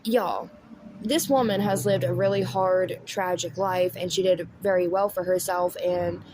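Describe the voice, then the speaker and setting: A woman's voice: on the low side, fairly even intonation, measured pace, darkish tone, a little hiss or hum. Blunt Southern woman doing commentary. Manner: chatty, blunt, says y'all. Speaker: commentary host. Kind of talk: casual commentary.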